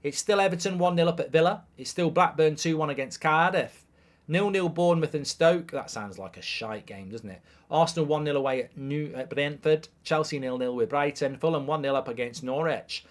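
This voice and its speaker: A man's voice: a little high, brisk. A man hosting a live football watchalong, chatting crudely and jokingly, reading out viewer messages and scores.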